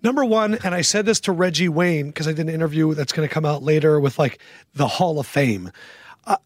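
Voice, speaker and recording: A man's voice: fairly high pitch, fairly quick, no room sound, studio quality. A man hosting a casual sports roundtable, teasing his guests with laughing banter. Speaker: host. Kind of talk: casual chat.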